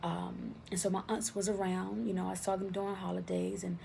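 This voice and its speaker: A woman's voice: fairly low pitch, flat delivery, brisk, creaky, mellow, slight background noise. A woman and former teacher telling a personal story in a conversational way, often checking in with "right?".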